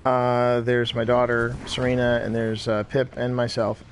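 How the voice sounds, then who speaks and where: A man's voice: mid-range voice, monotone, a little slow, a little hiss or hum. A tired middle-aged man chatting casually while he streams a game, rambling and repeating himself between reactions to the play. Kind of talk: casual gameplay chat.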